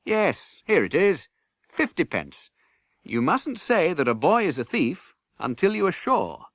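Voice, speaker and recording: A man doing a brisk, gallant knight. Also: a little high, wildly swooping pitch, fairly bright tone, no echo, studio quality, voice pushed up, full character voice. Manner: brisk, commanding.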